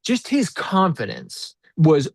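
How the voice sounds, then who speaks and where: Animated man telling a story, slightly high voice. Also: takes it slowly, vocal fry, no echo, clean studio sound. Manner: animated, acts out quoted dialogue. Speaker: guest, content coach. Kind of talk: casual storytelling interview.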